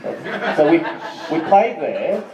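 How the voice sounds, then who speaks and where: In a small live music venue, an Australian comic and band musician speaks slowly in a slightly high, slightly mellow, very animated voice. His stand-up rambles and swears, with plenty of ums and crowd asides, and the lo-fi recording is distant and echoey.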